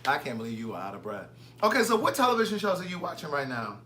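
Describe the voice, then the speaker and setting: Bright-voiced sassy man, teasing. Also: fairly high pitch, very animated, fast, a little hiss or hum. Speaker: host. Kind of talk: casual live chat.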